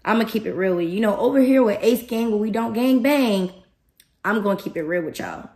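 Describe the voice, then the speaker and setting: An animated woman hosts her podcast in a casual motivational talk, with a mid-range voice. She speaks straight to her listeners and is emphatic, often acting out her own thoughts aloud. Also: medium pitch, a little fast. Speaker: podcast host.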